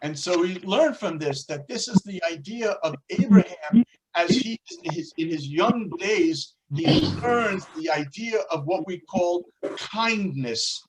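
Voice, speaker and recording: A man teaching a religious class, telling stories and explaining words in a deliberate, explanatory way. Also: high voice, lively intonation, noisy background. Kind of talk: storytelling religious lesson.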